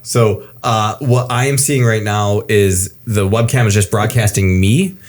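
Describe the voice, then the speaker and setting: Lowish-voiced guy cohosting a podcast, dry jokes, quick asides. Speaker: co-host, computer science professor. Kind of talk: casual podcast chat.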